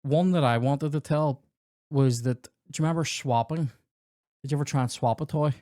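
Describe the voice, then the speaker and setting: A man's voice: medium pitch, normal speed, mellow, dry recording, clean studio sound. A man, a comedy podcast host telling rambling, sweary childhood anecdotes and acting out the dialogue. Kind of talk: casual storytelling chat.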